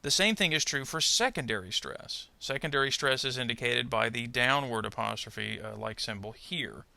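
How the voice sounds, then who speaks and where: Guy teaching english pronunciation, gravelly but bright voice, calm step by step explaining. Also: mid-range voice, no echo. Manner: measured, explanatory, careful. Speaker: adult ESL pronunciation teacher. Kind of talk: instructional narration.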